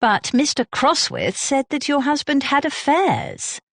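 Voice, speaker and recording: A woman's voice: high voice, huge pitch swings, a little slow, a bit bright, dry recording, studio quality, pitched above the performer's own voice, heavily acted. A woman voicing a blunt, brash middle-aged private detective. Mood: brisk.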